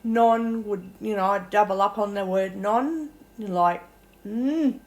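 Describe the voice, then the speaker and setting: A woman's voice: medium pitch, slow, a little mellow. A casual, rambling woman from Australia chatting about her language lessons and swearing freely. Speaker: language learner vlogger. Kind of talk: casual chat.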